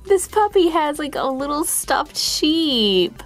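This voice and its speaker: Bubbly woman unboxing toys, slow and lively. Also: high voice, soft background music. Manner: bubbly, giggly, gushing over toys. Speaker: toy channel host. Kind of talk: toy unboxing narration.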